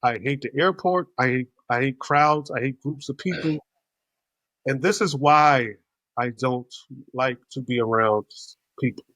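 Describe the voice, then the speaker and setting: A man hosting a podcast, telling a casual story in an animated, profane way. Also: mid-range voice, measured pace, no room sound. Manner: animated, profane, acts out other people's voices. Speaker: podcast host.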